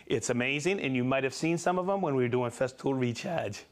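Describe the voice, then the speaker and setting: A man hosting a casual live tool demo stream, chatty and excitable, calling out viewers. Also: mid-range voice, fairly quick. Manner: excitable, bursts into shouts of joy; chatty, reads viewer shout-outs.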